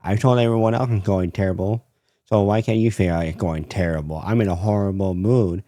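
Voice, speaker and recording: A man's voice: sits low, a little fast, warm tone, no echo, studio quality, lightly acted. A man voicing a rude, furious older female shopper in a screeching, indignant tirade. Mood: sour.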